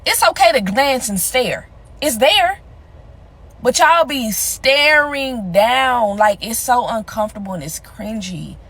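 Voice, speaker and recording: A woman's voice: fairly high pitch, animated, takes it slowly, fairly bright tone. A woman ranting casually, blunt and exasperated, scolding her listeners. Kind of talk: casual rant to camera.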